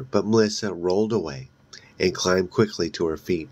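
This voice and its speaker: A man's voice: deep voice, a little mellow, dry recording. A man reading a horror novel aloud in a casual way, with slips and restarts along the way. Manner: reads slowly, with slips and restarts. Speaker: audiobook reader. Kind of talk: casual read-aloud narration.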